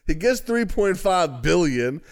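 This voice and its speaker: A man's voice: high voice, sing-song, unhurried. A man co-hosting a podcast, joking in a laid-back, casual way. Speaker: podcast co-host. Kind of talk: casual banter.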